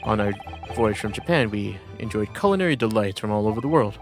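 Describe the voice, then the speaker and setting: A man's voice: lowish voice, animated, a little fast, over music. A man voicing an earnest, polite young male lawyer who hesitates and stumbles over his words. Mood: puzzled. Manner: hesitant, polite, lots of uh and pardon.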